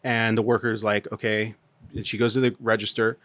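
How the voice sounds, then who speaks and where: A man in his thirties telling a story on a podcast, animated and swearing freely as he acts out the dialogue. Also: lowish voice, a little fast, no echo. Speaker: podcast co-host. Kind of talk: casual storytelling chat. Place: podcast studio.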